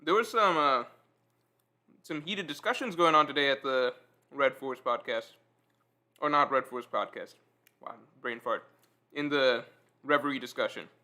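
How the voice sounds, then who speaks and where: Man, livestream host, bright forceful voice, relaxed banter with chat, eating between lines. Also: medium pitch, normal speed, pauses often. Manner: relaxed, self-deprecating, reads out chat comments. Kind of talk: casual chat with live viewers.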